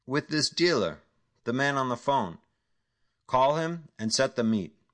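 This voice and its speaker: A man doing a measured crime boss. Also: mid-range voice, lively intonation, a bit bright, pitched above the performer's own voice. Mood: commanding. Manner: measured, formal phrasing. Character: calm, commanding Czech male crime boss.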